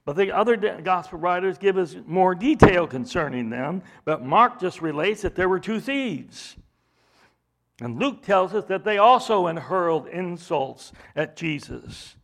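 A man's voice: sits high, expressive, a little slow, a bit bright. A man preaching an expository sermon, emphatic, acting out mocking voices as he reads.

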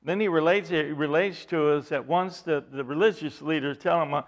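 A man's voice: fairly high pitch, normal speed. A man preaching a sermon, retelling a scripture passage with quoted dialogue and frequent restarts.

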